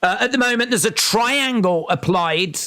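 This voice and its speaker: A man's voice: high-pitched, expressive, moderate pace, bright, forceful tone. A man from England with an English accent, hosting a casual wrestling watch-along stream, calling the action and reading viewer comments aloud.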